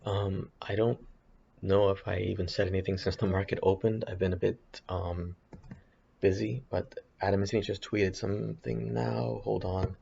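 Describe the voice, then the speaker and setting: A man's voice: deep voice, flat delivery, normal speed, creaky, warm tone, lo-fi sound, a little hiss or hum. A man thinking aloud while commenting on his trading charts, hesitant and rambling with frequent restarts. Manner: hesitant, rambling, many restarts and self-corrections. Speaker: options trader streaming his chart analysis.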